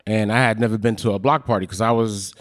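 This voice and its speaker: A man's voice: lowish voice, steady tone, quick pace. A man telling a story on a live stage, rambling and acting out the lines he quotes. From Brooklyn, New York. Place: live show in a ballroom.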